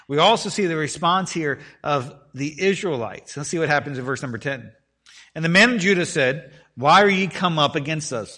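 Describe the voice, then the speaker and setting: A man's voice: fairly high pitch, sharp tone. A man preaching to a group, reading scripture aloud and explaining it in casual everyday words, acting out the people in the story. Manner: acts out the lines of the people in the text. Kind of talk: expository Bible teaching to a group.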